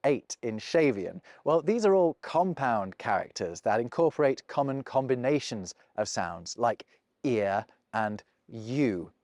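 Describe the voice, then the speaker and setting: A man's voice: medium pitch, animated, unhurried, darkish tone, dry recording, studio quality. A man with a British received pronunciation accent giving a scripted, precise explainer narration. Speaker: language video presenter.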